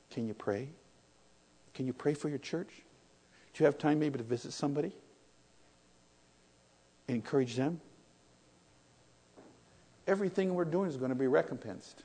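An older man preaching a sermon, telling stories that swing from loud, excited retellings to quiet reflection. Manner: storytelling, rises loud and high in excitement, drops to soft and low when reflective.

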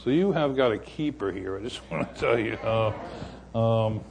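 A man's voice: medium pitch, expressive, gravelly, darkish tone, slight background noise. Older man preaching a folksy sermon. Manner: folksy and unhurried, storytelling with many pauses. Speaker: guest preacher.

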